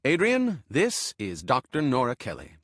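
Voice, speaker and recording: A male narrator voicing a brisk, formal male museum director. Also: medium pitch, wildly swooping pitch, a bit bright, dry recording, clean studio sound, full character voice.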